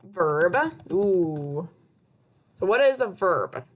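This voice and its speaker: A woman teacher giving a recorded spelling lesson to young children, repeating each word slowly and patiently. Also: on the low side, expressive. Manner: slow, patient, over-enunciated word drills.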